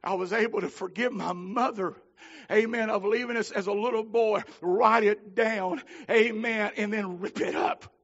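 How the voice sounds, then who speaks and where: Fervent preacher man, gravelly and high. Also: steady tone, moderate pace, muffled recording. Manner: fervent, climbs to shouting then drops low. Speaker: minister. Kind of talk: holiness sermon.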